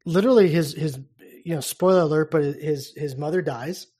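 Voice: medium pitch, normal speed, mellow, slightly rough. An eager podcast co-host with a mid-range voice retells a scene with gusto, slipping quoted lines into casual chat.

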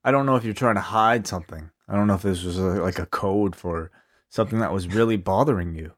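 A man with a fairly low voice co-hosts a podcast in casual chat. He rambles and hesitates, filling gaps with "uh" and "like.". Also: fast. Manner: rambling, hesitant, lots of fillers. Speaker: podcast co-host.

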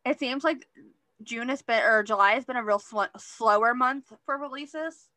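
A woman's voice: on the high side, moderate pace, dry recording. A woman hosting a book podcast, chatting casually and keenly about new releases. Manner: relaxed, chatty, enthusiastic about books. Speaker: podcast host. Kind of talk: casual chat.

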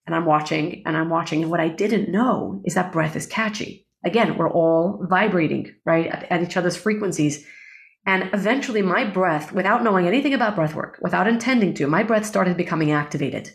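A woman's voice: lowish voice, a little fast, gravelly. Earnest woman telling a story. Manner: earnest, animated storytelling with acted-out quotes. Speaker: guest. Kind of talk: storytelling interview.

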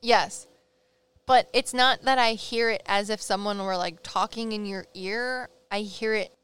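With a medium-pitched, clean voice and a slightly slow pace, this Midwestern-accented woman, a psychic medium, co-hosts a laid-back podcast. Her storytelling is lively, with acted-out quotes and plenty of laughter.

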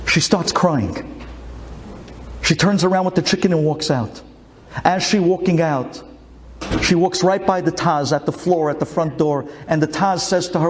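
A man telling a religious folk tale in an animated, dramatic way. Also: on the high side, normal speed, slight background noise. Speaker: storyteller.

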